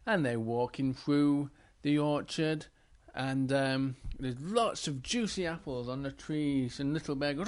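A man telling a children's story, gentle and encouraging, asking the children questions. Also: mid-range voice, measured pace.

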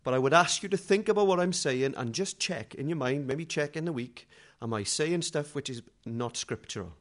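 A middle-aged man preaching a sermon in a conversational, humorous way, moving between quiet asides and loud dramatic readings. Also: fairly high pitch, animated, normal speed.

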